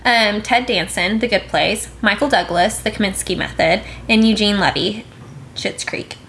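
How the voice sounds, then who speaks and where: A young woman co-hosting a casual podcast, breezy, reading a list of names with quick asides. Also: medium pitch, fairly bright tone, a little hiss or hum. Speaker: podcast co-host.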